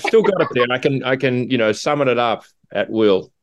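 A man's voice: medium pitch, expressive, fairly quick, highs cut off. A middle-aged man with an Australian accent, answering interview questions in a hesitant way with many fillers. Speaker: guest, hospitality business owner.

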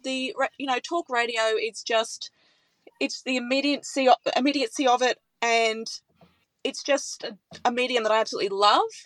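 A woman's voice: a little high, fairly even intonation, normal speed, a bit bright, dry recording, rough recording. A woman who works as a radio presenter, talking with enthusiasm in a conversational interview. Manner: enthusiastic, emotional.

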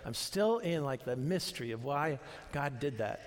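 A man's voice: mid-range voice, lively intonation, normal speed. An older man preaching a sermon in an earnest, conversational way, restarting phrases as he goes. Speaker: pastor. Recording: long reverb of a large hall.

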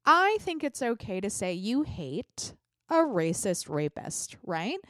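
A woman's voice: medium pitch, big pitch swings, slow pace, a bit bright, dry recording, studio quality. A woman hosting a solo podcast, chatty and blunt, with a voice congested from a sinus infection. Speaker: podcast host. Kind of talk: solo political podcast commentary.

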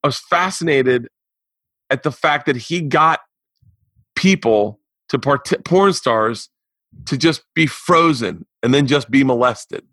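A man in his forties hosting a casual podcast and telling stories in an animated, rambling, profane way. His voice is mid-pitched and he is recorded dry and close on the mic. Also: slow pace, no room sound. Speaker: podcast host. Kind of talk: casual chat.

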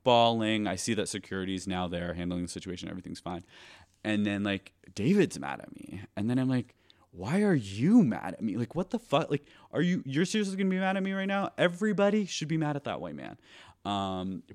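A young man hosts his podcast with a deep voice, talking casually as if to a friend. He drops "like" everywhere and restarts his sentences. His tone stays clear and smooth throughout. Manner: chatty, heavy use of filler "like", frequent restarts. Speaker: podcast host. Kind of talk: casual storytelling monologue.

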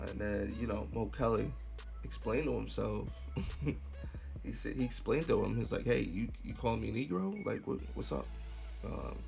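Gravelly-voiced man ranting on news. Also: lowish voice. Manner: rambling, slangy, with frequent fillers and restarts. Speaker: podcast host. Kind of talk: casual commentary on celebrity news.

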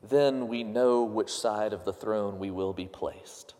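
A man's voice: fairly low pitch, slow, mellow, long reverb tail. A man preaching a sermon, earnest and questioning, lifting his voice when he quotes others. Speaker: pastor.

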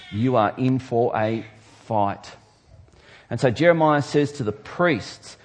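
Husky guy preaching a sermon, gets quiet then loud, really emphatic. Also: medium pitch. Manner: emphatic preaching, swings between soft and loud. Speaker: pastor.

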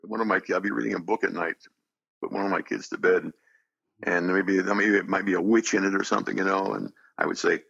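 An older man telling stories in a relaxed, wry manner. His low voice is gravelly and a bit husky but moves freely up and down. It is recorded dry and close. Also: fast, no echo, muffled recording. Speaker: voice actor, guest. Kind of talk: casual interview chat.

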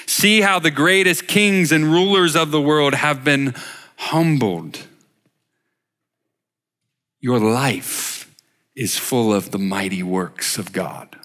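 A man preaching a sermon slowly and emphatically, asking his listeners rhetorical questions. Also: medium pitch, fairly bright tone, long reverb tail. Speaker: worship leader giving a short sermon. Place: church sanctuary.

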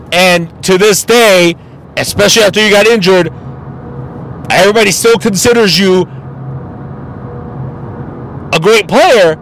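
A man's voice: high-pitched, a little hiss or hum, low-quality recording. A man hosting a podcast, delivering a blunt, profane opinion monologue. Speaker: podcast host.

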